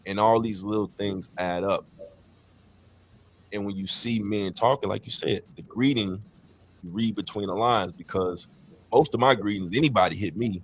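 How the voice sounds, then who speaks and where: A very deep-voiced man co-hosting a podcast, speaking openly and swearing freely as he tells stories. A faint background noise sits under his voice. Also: moderate pace. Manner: candid, profane, storytelling. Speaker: podcast co-host. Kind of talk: casual podcast chat.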